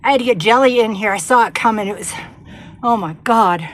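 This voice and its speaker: A woman's voice: on the high side, a little fast. A woman vlogging casually into her handheld phone from inside a bus home during a sandstorm, chatty and exclaiming, with rambling asides. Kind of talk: casual vlog talk to camera. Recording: storm noise around the bus.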